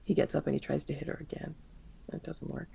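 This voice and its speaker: A man's voice: a little high, little pitch movement, fast talker, dark tone, a little hiss or hum. A man playing a tabletop role-playing game, describing his character's actions in a thoughtful, hesitant way. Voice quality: gravelly, raspy. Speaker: player. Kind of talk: tabletop role-play narration.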